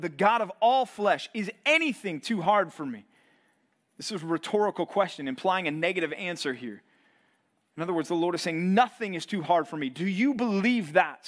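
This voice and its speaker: Animated man preaching a sermon. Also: high-pitched. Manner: animated storytelling, playful acted asides. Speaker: pastor. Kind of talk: sermon to college students.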